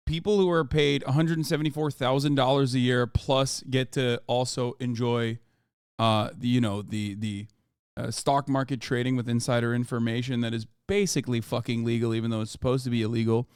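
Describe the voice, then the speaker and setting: A man's voice: mid-range voice, clear, resonant tone, no room sound, clean studio sound. A man streaming a reaction to the news, ranting in a heated, sweary, emphatic way. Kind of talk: profane live-stream rant.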